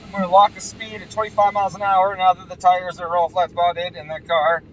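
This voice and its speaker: A man's voice: high voice, level tone, brisk, far from the mic, lo-fi sound, a little hiss or hum. A man who tunes engines talks casually and bluntly, swearing freely as he rants and explains his work. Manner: profane, ranting, blunt. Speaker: engine tuner. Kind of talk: casual explanatory vlog talk.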